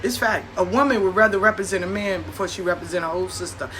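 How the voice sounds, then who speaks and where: Bright-voiced blunt New grandmother. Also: fairly low pitch, quick pace, soft background music. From New York. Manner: blunt, profane, animated with acted-out quotes. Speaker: host. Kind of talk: casual storytelling monologue.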